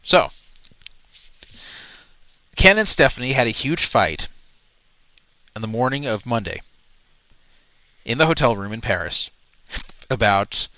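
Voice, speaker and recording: A man's voice: mid-range voice, very animated, slow, long pauses, pushed and bright, no room sound. A man hosting a radio show, telling a long story in casual chat, rambling and repeating words as he goes.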